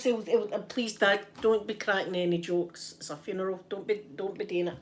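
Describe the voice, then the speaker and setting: A woman's voice: mid-range voice, normal speed, few pauses, a bit bright. A middle-aged Scottish woman chatting casually to her viewers, telling rambling stories with frequent restarts. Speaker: ASMR streamer. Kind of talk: casual storytelling chat.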